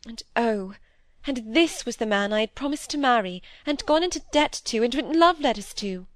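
A woman's voice: fairly high pitch, expressive, normal speed, dry recording, natural voice. A woman reading the part of a troubled young woman confessing her regrets to a friend, earnest and regretful. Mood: confiding. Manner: earnest, regretful, rising to indignation. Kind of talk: audiobook reading of dialogue.

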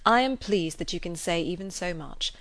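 A woman reading aloud, voicing a grave older gentleman who speaks low and measured. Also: lively intonation. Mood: tender.

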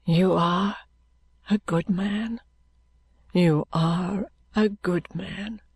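A woman reading an audiobook voices a frail, dying young man who speaks weakly, in a breathy half-whisper. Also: low-pitched, fairly even intonation, very slow, dry recording, exaggerated voice.

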